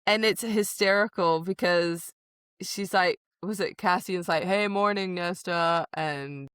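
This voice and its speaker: A woman with a fairly low voice chats casually on a book podcast, recorded close and dry with no room sound. She retells scenes with animation, slips into quoted lines and laughs often. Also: steady tone, slow pace, fairly bright tone, clear, resonant tone, no echo. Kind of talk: casual book discussion chat.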